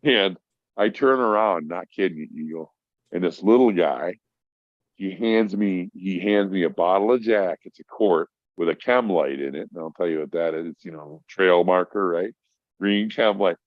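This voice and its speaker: Low-voiced profane male storyteller. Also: moderate pace, dry recording. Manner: profane, rambling, acts out voices in his stories. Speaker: podcast guest. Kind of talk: casual storytelling. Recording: dry, dull lo-fi audio.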